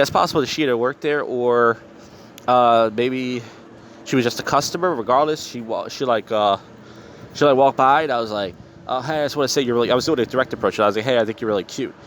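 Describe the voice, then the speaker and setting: A man's voice: mid-range voice, a bit bright. A tipsy, slightly slurring man hosting a podcast outdoors, telling stories in a blunt, profane, bitter way. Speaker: podcast host. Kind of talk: casual storytelling monologue. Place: outdoors on a street. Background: faint street and traffic noise.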